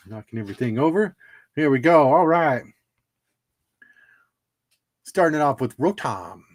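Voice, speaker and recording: A man's voice: on the high side, lively intonation, measured pace, pauses often. Chatty man hosting a card livestream. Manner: chatty, laughs at his own jokes. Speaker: livestream host opening trading cards. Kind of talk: casual livestream chat.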